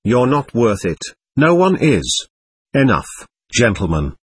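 A man's voice: mid-range voice, very animated, slow, husky, no echo, heavily acted. A man reading the part of a proud young man under questioning, bitter and scornful in an audiobook. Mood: defiant.

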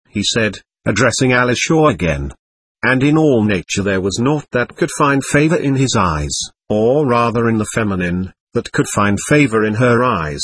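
A man reading a classic novel aloud as an expressive audiobook narrator. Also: on the low side, normal speed, husky, no room sound. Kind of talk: scripted narration.

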